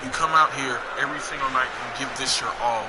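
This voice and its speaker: A man's voice: medium pitch, fairly even intonation, quick pace, heavy background noise, close to an everyday voice. A man voicing an emotional male pro wrestler who pleads with his old tag partner, talking in an earnest, rambling, apologetic way. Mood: pleading.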